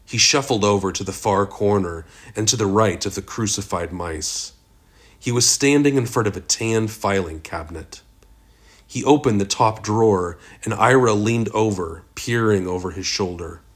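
Male audiobook narrator, low husky voice, slow steady read. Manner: steady, measured reading. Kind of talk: scripted narration.

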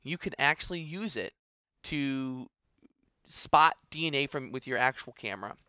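A man's voice: medium pitch, animated, normal speed, sharp tone, clean tone, no echo, clean studio sound. A man co-hosting a casual podcast, presenting news stories with enthusiasm and plenty of filler words. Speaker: podcast co-host.

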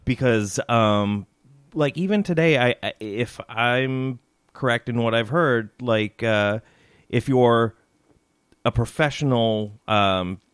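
A man co-hosting a casual podcast, talking in a relaxed, measured way with hesitant fillers. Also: medium pitch, clean tone, dry recording, studio quality. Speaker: podcast co-host. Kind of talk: casual chat.

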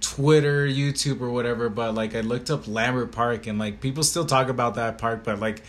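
A man's voice: mid-range voice, steady tone, normal speed, a little hiss or hum. A man in his thirties from California, with a mid-range voice, chats as a podcast guest. His talk is loose and laid-back, dotted with swearing and "like". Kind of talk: casual podcast chat.

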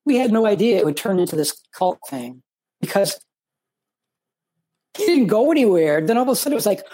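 Husky-voiced man, eager and halting. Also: sits high, big pitch swings, dark tone. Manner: eager, halting, repeats words often. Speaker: actor on a convention panel. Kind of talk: casual panel talk.

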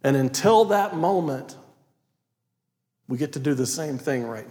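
A man preaching a sermon as pastor, reading scripture aloud and stressing key words, sometimes dropping to a quiet, prayerful tone. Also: medium pitch, lively intonation, measured pace, pauses often. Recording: long reverb of a large hall.

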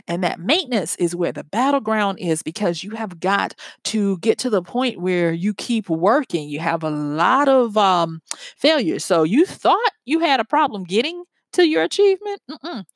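A woman's voice: medium pitch, expressive, moderate pace, no echo. A woman giving an earnest, conversational motivational talk built on everyday examples.

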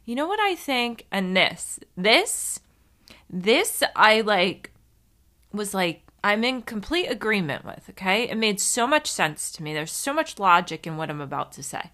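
A woman's voice: medium pitch, very animated, unhurried, sharp tone. A woman hosting a podcast on her own, chatting casually in a rambling, self-mocking way with some swearing. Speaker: podcast host. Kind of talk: casual solo podcast chat.

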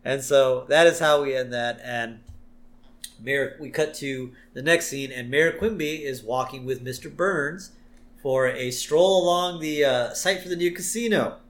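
A man's voice: mid-range voice, a little slow. A man co-hosting a podcast, recapping an episode in casual chat and laughing often. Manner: laughs often, agrees readily. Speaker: podcast co-host.

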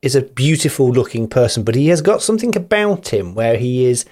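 A man's voice: mid-range voice, animated, brisk, darkish tone. A man co-hosting a podcast, gushing and playful in casual chat. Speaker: podcast co-host.

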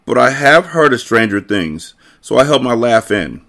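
A man, host of a podcast, reading a children's novel aloud with casual, expressive delivery. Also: medium pitch, normal speed, vocal fry. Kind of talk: book reading narration.

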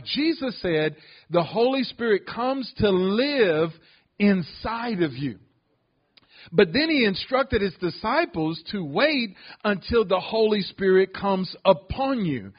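A man's voice: high-pitched, breathy edge, dull audio. A man preaching a sermon as pastor, calling out to the congregation as he teaches. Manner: preaching with call-outs to the congregation.

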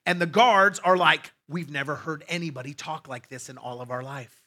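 A man's voice: fairly high pitch, normal speed, sharp tone. A male pastor preaching a sermon in a conversational way, with asides to his congregation.

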